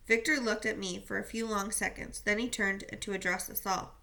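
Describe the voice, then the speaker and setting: Female audiobook reader, sharp bright tone, steady first-person narration. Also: mid-range voice, normal speed, gravelly. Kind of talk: reading a novel aloud.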